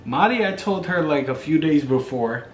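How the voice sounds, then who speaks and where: A man's voice: fairly high pitch, expressive, normal speed. A young man answering questions with his fiancée in a casual Q&A, laid-back and brief. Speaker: fiancé co-host. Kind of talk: casual couple Q&A chat. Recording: echoey room with faint noise.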